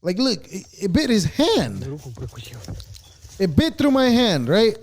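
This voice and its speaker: This man hosts a podcast, and his high voice moves slowly over a faint hiss or hum. Reacting to clips, he rants loosely, profane and sarcastic, with plenty of animation.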